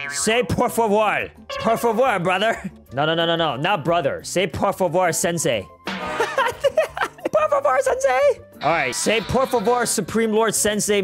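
Animated young man doing laughing game commentary. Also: high voice. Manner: laughs often, teasing and animated. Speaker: gaming YouTuber. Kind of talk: playful gameplay commentary.

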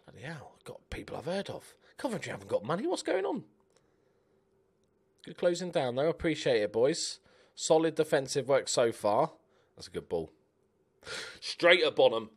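A young man giving chatty, animated commentary while playing a game, cheering on his players. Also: mid-range voice. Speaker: gaming YouTuber. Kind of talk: casual let's-play commentary.

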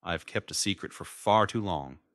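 A man's voice: low voice, moderate pace, a bit bright, no echo, studio quality. A man voicing a nervous middle-aged father who pleads in a shaky voice.

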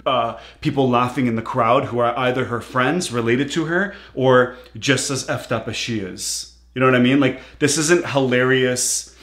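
A man's voice: mid-range voice, normal speed, a bit bright. Young man, casual reaction commentary, slangy, echoey room. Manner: casual, slangy, frequent hesitations. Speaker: reaction channel host.

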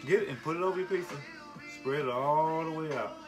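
A man's voice: a little high, fairly quick. Easygoing dad cooking with his kids. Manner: patient, coaxing, directs the kids. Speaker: father cooking with his daughters. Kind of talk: casual cooking vlog chat. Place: home kitchen. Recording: voice from a distance over loud music.

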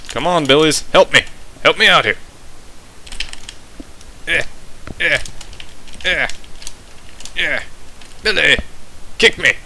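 A man's voice: on the high side, slow pace, long pauses, pushed and bright, a little hiss or hum, poor audio. A young man giving frustrated, goofy running commentary while playing a video game. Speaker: gameplay commentator. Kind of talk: let's play commentary.

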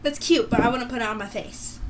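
A woman's voice: a little high, fast talker, background noise. A young woman reacting to gross videos with gasps, squeals and nervous chat. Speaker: YouTuber.

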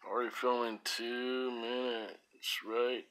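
A man's voice: mid-range voice, flat delivery, slow pace, fairly bright tone. A man filming himself on a phone at home at night, rambling sleepily to the camera and laughing at his own jokes. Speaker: vlogger. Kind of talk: rambling self-filmed vlog.

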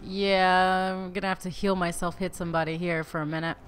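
A woman's voice: on the low side, flat delivery, fairly quick, soft background music. A woman hosting a Let's Play, giving casual, rambling and candid gameplay commentary aimed at her viewers.

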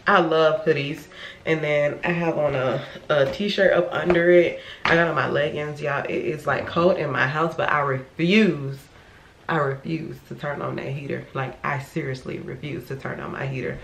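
A woman's voice: sits low, steady tone, normal speed. A woman vlogger from Florida chatting casually at home, rambling and often correcting herself mid-sentence. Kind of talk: casual vlog chat. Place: her home. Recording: echoey room with faint noise.

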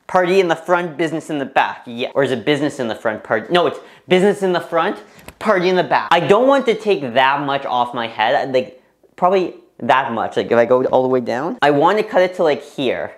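A young man vlogging casually to the camera in a bathroom. His nervous, excitable chatter breaks into squeals and laughter. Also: medium pitch, fairly quick. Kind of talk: casual vlog talking to camera. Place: parents' bathroom, indoors.

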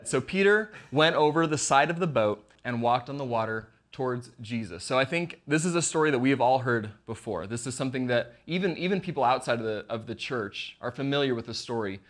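A man's voice: mid-range voice, lively intonation, a little fast, hardly any pauses, fairly bright tone. A man preaching a casual online sermon as pastor, conversational and jokey, acting out the lines he quotes.

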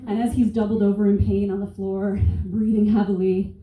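A woman's voice: mid-range voice, little pitch movement, brisk, phone-quality sound. A woman in her twenties doing a stand-up comedy set on stage, sarcastic, profane and conversational. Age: 20s. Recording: echoey room, distant mic, faint noise.

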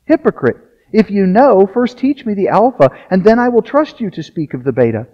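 A man's voice: sits high, very animated, moderate pace. A man reading aloud the lines of a precocious young boy who lectures his teacher. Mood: lecturing. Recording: dull lo-fi sound.

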